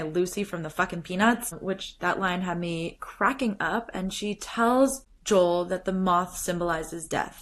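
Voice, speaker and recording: Animated woman podcaster retelling scenes. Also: on the low side. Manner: frequent "like" fillers, laughs while talking. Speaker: podcast host. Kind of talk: casual solo commentary.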